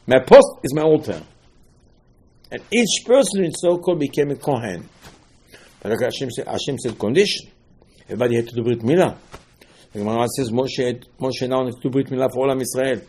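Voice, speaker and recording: A man giving a Torah sermon as a rabbi. He asks rhetorical questions and swings between hushed and loud. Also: mid-range voice, breathy edge.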